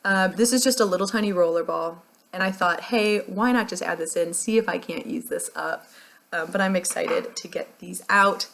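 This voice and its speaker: A woman's voice: lowish voice, moderate pace, gravelly, a bit bright. Chatty American woman vlogger. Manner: chatty, rambling, laughs often. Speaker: beauty vlogger. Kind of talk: casual product chat.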